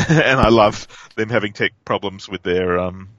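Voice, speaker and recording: An Australian man co-hosting a podcast, talking in a relaxed, halting way and often repeating words. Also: on the low side, no room sound, dull audio. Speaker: podcast co-host. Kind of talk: casual chat.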